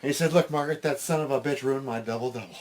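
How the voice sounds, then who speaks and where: A man's voice: medium pitch, rapid-fire, heavy background noise, voice pushed down, close to an everyday voice. A man voicing a chatty Canadian man who tags his sentences with "eh" and rambles through a story. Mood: rambling.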